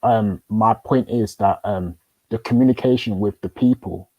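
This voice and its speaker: Man, casual debate, husky, dark low voice, dry close sound, halting restarts. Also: dry recording, dull audio. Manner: probing, hesitant with many restarts. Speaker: host.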